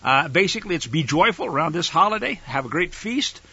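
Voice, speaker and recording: A man's voice: fairly high pitch, very animated, fairly quick, sharp tone, breathy edge, dry recording, muffled recording. A man teaching a scripture study, reading verses aloud and explaining them, leaning hard on key words with growing emphasis. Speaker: Bible teacher.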